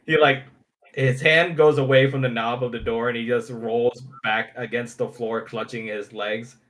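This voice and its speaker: A man narrating as game master of a tabletop game, speaking haltingly with many restarts. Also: mid-range voice, steady tone, a bit bright, slight background noise. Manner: halting, full of fillers and restarts.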